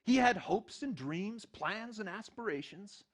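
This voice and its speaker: A middle-aged male pastor preaching a sermon, telling the story in an animated way and acting out the quotes. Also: sits high, a little slow.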